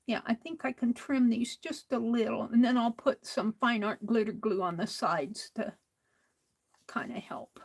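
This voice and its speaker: A woman chatting casually while she stitches, softly talking to herself and sometimes dropping to a whisper. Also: a little high, normal speed, creaky, hardly any pauses, rough recording. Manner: soft-spoken, drifts into whispers; talks to herself while working. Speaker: crafting livestream host.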